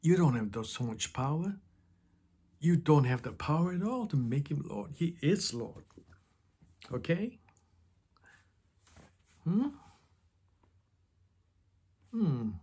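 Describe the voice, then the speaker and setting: A man talking slowly and reflectively in an informal devotional talk about faith. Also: fairly high pitch, expressive, dark tone, husky. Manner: slow and reflective, with pauses. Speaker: Christian speaker.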